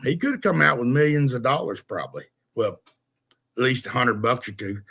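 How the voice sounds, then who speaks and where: A man's voice: mid-range voice, expressive, normal speed, gravelly, a bit bright. A man in casual chat, laid-back and shrugging, swearing now and then.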